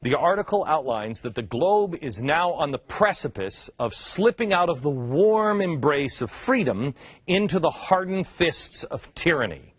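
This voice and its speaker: Male talk host, mocking commentary, slightly raised pitch, very animated delivery. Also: unhurried, breathy edge, no echo. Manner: sarcastic, mocking asides. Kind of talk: opinion commentary.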